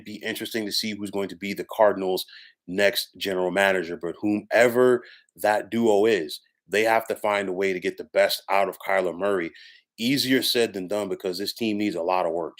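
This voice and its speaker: A man with a somewhat low voice talks through a sports opinion monologue on his own. He is emphatic and leans on repeated stock phrases to push his points. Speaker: sports commentator.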